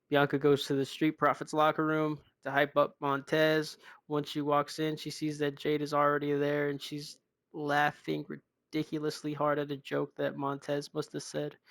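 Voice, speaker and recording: A young man narrating a wrestling video game in a brisk, wry, casual recap style, often sighing. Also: a little high, monotone, a bit bright, no room sound. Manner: brisk, wry, frequent sighs. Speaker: game commentator.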